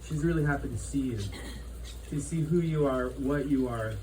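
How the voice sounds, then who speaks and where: A man officiating a memorial, gently guiding the listeners through a moment of gratitude. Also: medium pitch, distant mic, slight background noise, poor audio. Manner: slow, meditative, gentle. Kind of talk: guided reflection. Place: memorial gathering.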